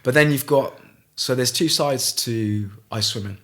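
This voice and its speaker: A middle-aged man from Gloucester, telling a story as a podcast guest in a halting way, with frequent restarts. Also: mid-range voice, fairly bright tone. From Gloucester, England. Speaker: guest, ice swimmer. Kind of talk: casual storytelling in a podcast interview.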